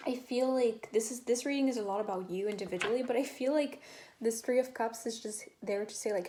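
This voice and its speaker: A woman's voice: fairly high pitch, moderate pace, mellow. A woman giving a casual tarot reading to her viewers, chatty and rambling, with many fillers and restarts. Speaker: tarot reader.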